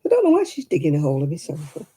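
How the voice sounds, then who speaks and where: A woman's voice: deep voice, wildly swooping pitch, rapid-fire, dark tone, breathy edge. A woman hosting a casual craft live stream, chatty and rambling, laughing often.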